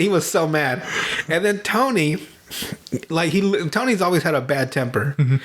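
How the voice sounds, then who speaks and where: Podcast host, young man, slightly high voice, loose and giggly, swears freely, acts out scenes. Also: lively intonation, a bit bright. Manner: laughing, profane, retells scenes with quick impressions. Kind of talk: casual movie recap.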